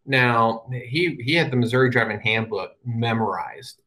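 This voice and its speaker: A man's voice: medium pitch, unhurried, pushed and bright, poor audio. A man giving a talk as a guest speaker, telling stories with a wry, humorous touch and plainly explaining his points. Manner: wry, humorous storytelling with dry asides. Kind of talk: storytelling presentation to an audience.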